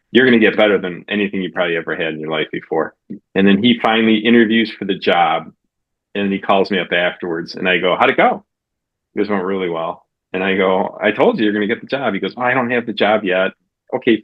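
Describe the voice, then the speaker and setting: Male host, casual interview chat, animated quoting, deep voice, dull recording. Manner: animated, acts out quotes with big jumps in pitch. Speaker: podcast host.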